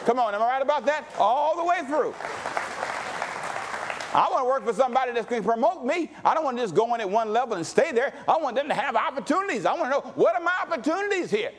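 A male pastor preaching a sermon with call-and-response, dropping to low asides and rising to shouts. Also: expressive, fast, crowd noise, background noise.

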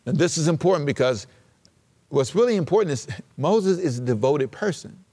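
A man preaching a sermon, slowing to read scripture and rising sharply in pitch for emphasis. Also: expressive, mellow, big-room sound. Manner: preaching with dramatic pauses and sudden rises in pitch; slows down to read scripture aloud. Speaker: pastor.

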